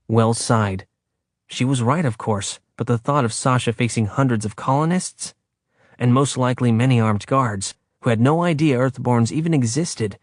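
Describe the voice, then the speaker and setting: A male audiobook narrator reads a script in a steady, mid-range voice, recorded at studio quality with no echo.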